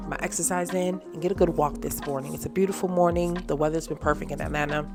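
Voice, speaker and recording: A woman telling an animated, faith-filled story to her viewers in casual chat. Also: fairly low pitch. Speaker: vlogger. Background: music.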